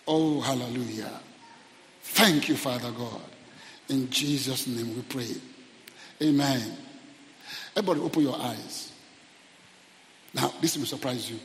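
A man preaching a fervent sermon in a church auditorium, calling out to the congregation and rising to shouted peaks. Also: medium pitch, measured pace, long pauses, in a large hall. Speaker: pastor.

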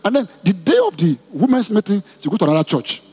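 Male preacher, animated storytelling sermon, slightly raised pitch, soft music under. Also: fast talker, slightly rough, in a large hall. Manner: animated storytelling, acts out quoted voices. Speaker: pastor. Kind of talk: sermon with congregational prayer. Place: church.

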